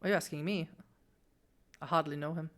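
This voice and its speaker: A woman's voice: low voice, fairly even intonation, a little fast, fairly bright tone. A woman voicing a defensive male innkeeper in a tabletop game, hesitant and full of fillers. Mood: evasive.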